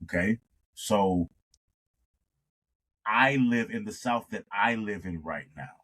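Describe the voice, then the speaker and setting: A man from New York, a singer and radio host, chatting as a podcast guest and telling lively stories, with frequent agreeing "yeah"s. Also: lowish voice, slow. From born in New York. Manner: lively storyteller, steady stream of agreeing "yeah"s. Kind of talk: casual conversation.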